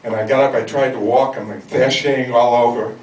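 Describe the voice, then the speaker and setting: A man's voice: mid-range voice, fairly even intonation, fairly quick, a little mellow. An older man from the Chicago area doing a stand-up routine in a comedy club, delivering dry, self-mocking punchlines. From Chicago area, USA. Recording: echoey, distant, noisy club recording.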